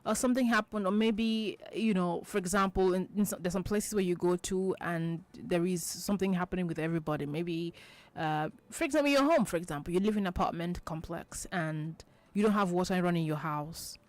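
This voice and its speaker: A woman's voice: lowish voice, brisk. A woman hosting a children's radio show, patiently explaining idioms, repeating each point and checking that listeners understand. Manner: acts out example quotes in lively voices.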